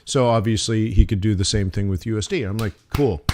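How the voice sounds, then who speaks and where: A man's voice: fairly low pitch, fairly even intonation, quick pace, noisy background. A man hosting a live forex trading stream, talking through charts in a casual, rambling way with joking asides.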